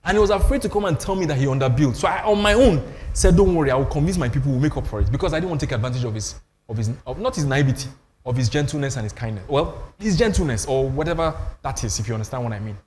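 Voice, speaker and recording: A man's voice: medium pitch, animated, quick pace, darkish tone, a little hiss or hum. Older man, Nigerian accent, emphatic storyteller, long hall echo, faint ambience. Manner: storytelling, emphatic, self-deprecating. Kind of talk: animated panel talk on church.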